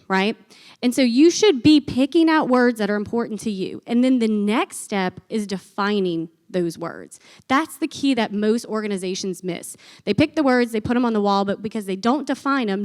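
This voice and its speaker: A woman, giving an energetic, chatty business talk from a conference stage before an audience. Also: on the high side. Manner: energetic, chatty, uses folksy phrases. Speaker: conference speaker.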